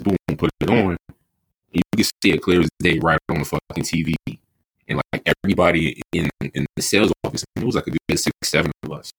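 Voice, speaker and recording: Gravelly deep-voiced man telling a story. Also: no room sound, rough recording. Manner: laid-back, swears freely, slangy storytelling. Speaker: podcast co-host. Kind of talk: casual podcast chat.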